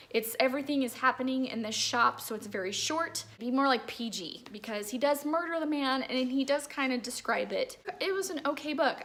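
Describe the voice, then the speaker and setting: A woman in her thirties at home, chatting casually as she reviews books, rambling with lots of "like"s. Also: a little high. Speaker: book reviewer. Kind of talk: casual chat.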